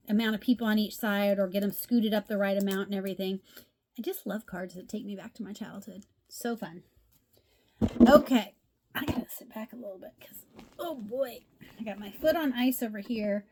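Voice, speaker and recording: A woman's voice: mid-range voice, a little mellow. A middle-aged woman chatting casually as she shows off craft cards, gushing and repeating how much she loves each one. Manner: gushing, chatty, says "love" a lot. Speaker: craft video host. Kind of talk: casual show-and-tell chat.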